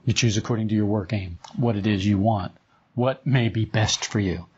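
A man's voice: on the low side, normal speed, darkish tone, slightly rough. A man teaching a group in an informal spiritual talk, conversational and chuckling often. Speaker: esoteric teacher. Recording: dull lo-fi recording.

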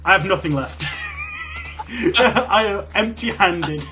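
Young man, high lively voice, goofy whiny teasing, game music behind. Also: slow. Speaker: gamer host. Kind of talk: casual gaming banter.

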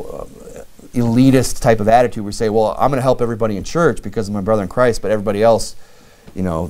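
A man preaching a sermon in a conversational way, with frequent fillers and lively acted-out dialogue. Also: on the low side. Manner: conversational preaching, many "you know" fillers, acts out lively quoted dialogue. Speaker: pastor.

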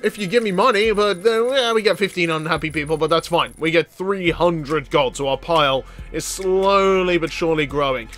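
A man commentating on a let's play in a chatty, excitable way, laughing often. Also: on the high side, moderate pace, hardly any pauses, faint music behind. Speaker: gaming video host.

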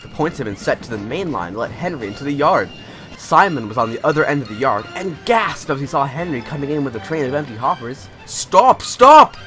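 A man narrating a storybook tale in a measured, lively storytelling manner. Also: medium pitch. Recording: music playing behind.

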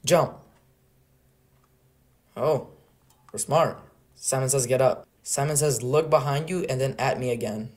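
A young man hosting a game server, commentating in a casual, excitable and joking way at a desk mic. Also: mid-range voice, a little slow, pauses often. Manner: excitable, joking and laughing, trolling players. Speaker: game server host and YouTuber.

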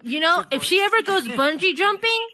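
A woman's voice: very high-pitched, animated, normal speed, crowd noise. A woman performing a chatty stand-up set in a virtual comedy club, giggling between jokes.

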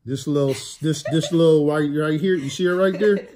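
A brash, emphatic man with talks straight into the camera for his vlog. His voice sits a little high for a man, and he leans on his words and says them again and again. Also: normal speed, mellow, slight background noise. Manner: brash, emphatic, repeats himself. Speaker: vlogger. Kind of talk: casual vlog talk to camera.

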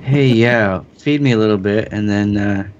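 A man's voice: fairly low pitch, normal speed, highs cut off, slight background noise. A man joking wryly while playing a multiplayer game with friends. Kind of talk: casual multiplayer game chat.

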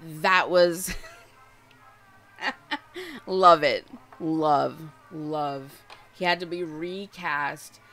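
Slow, gushing young woman streamer. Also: low-pitched, expressive, a bit bright, soft background music. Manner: gushing, affectionate, talks to the game characters. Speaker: livestreamer. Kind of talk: casual live-stream chat while gaming.

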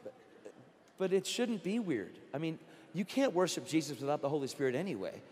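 Passionate preacher in a reverberant hall. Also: male voice, on the high side, very animated, fairly quick, slight background noise. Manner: passionate, builds to near-shouting; storytelling with quoted dialogue. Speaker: guest preacher. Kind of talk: sermon. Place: large conference hall.

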